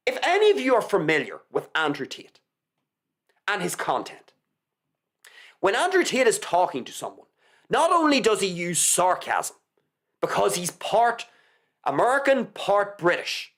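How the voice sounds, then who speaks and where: Woman, live commentary host, combative, scornful, animated pitch swings. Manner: combative and scornful, lectures the audience. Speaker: online commentator, show host. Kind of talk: live opinion monologue.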